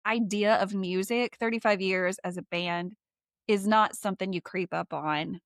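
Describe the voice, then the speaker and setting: A woman's voice: mid-range voice, fairly even intonation, normal speed, dry recording, studio quality. A woman hosting a podcast, chatting casually and effusively with guests, often repeating phrases for emphasis. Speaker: podcast host. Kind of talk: casual interview chat.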